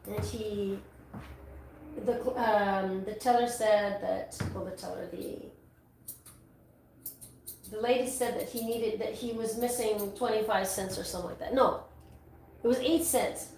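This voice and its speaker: A woman's voice: mid-range voice, steady tone, a little slow, vocal fry, long pauses, a little mellow. A woman, a dog groomer chatting casually and rambling with many restarts while she works in a grooming salon. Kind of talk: casual chat while working. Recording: echoey room, distant mic, faint noise.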